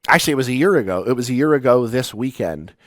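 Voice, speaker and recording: A man in his forties, a spiritual teacher, giving a reflective talk with personal stories, halting and restarting as he goes. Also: mid-range voice, expressive, dry recording, clean studio sound. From United States. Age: 40s. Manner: personal, storytelling with pauses and restarts.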